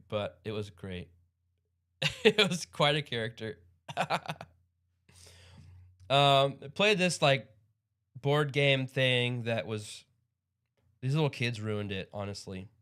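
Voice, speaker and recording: A man's voice: medium pitch, a bit bright, clean tone. A man hosting a livestream in casual chat, rambling and upbeat with frequent chuckles. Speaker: livestream host.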